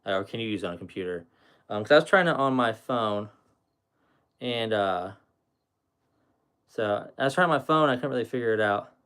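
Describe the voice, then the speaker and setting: A man's voice: lowish voice, lively intonation, normal speed, pauses often, a bit bright, smooth. A man hosting a casual livestream, chatting loosely with viewers in a rambling, easygoing way. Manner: rambling, talks to his dog between chat replies. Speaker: livestream host.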